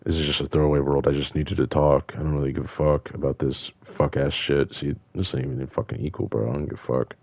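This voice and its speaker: A man's voice: a bass voice, flat delivery, fast talker, few pauses, darkish tone, no echo. An upset man from the United States ranting in frustration and swearing constantly. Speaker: vlogger. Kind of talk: angry casual rant.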